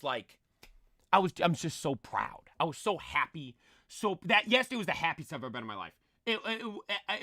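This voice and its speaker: An excitable young man rambling through a casual stream chat, piling up fillers and restarting sentences mid-thought. His voice sits high and sounds bright and forceful, and the recording is dry with no room sound. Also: dry recording. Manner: excitable, rambling, full of "like" and "dude", many restarts.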